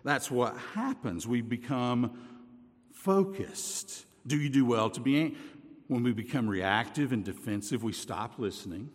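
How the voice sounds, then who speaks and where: A man's voice: medium pitch, normal speed. A male pastor giving a sermon, conversational and earnest, often asking rhetorical questions of the congregation. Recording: long reverb of a large hall.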